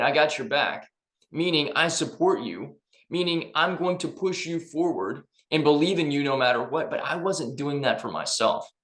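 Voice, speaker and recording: A man's voice: fairly high pitch, a bit bright, roomy sound. A man giving an upbeat, emphatic motivational talk in a conversational way. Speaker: personal development vlogger.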